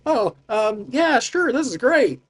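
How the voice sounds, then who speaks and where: A man voicing a small, nervous self-proclaimed leader, an archer, in a high and fussy, falsely polite voice. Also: big pitch swings, takes it slowly, a bit bright, husky, full character voice.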